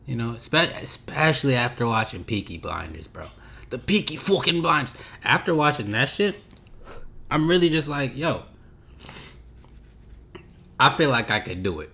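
A man chatting alone on his podcast, loose and unhurried, full of slang and side tangents. His voice sits at an ordinary middle pitch, and his thoughts wander as he talks. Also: lively intonation, gravelly, sharp tone. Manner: laid-back, rambling, slangy, drifts off topic. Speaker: podcast host. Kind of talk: casual solo podcast chat.

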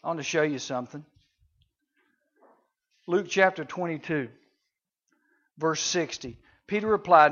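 A man preaching a conversational sermon to junior high students, swinging between loud and hushed, on a dull lo-fi recording. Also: lively intonation, normal speed. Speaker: youth preacher.

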